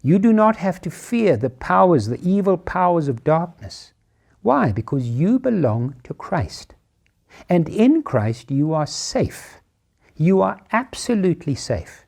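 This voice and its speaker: A man's voice: sits high, sing-song, measured pace, gravelly, darkish tone. A middle-aged man preaching a sermon in an emphatic style, repeating phrases for stress. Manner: emphatic, repetitive rhetorical phrasing.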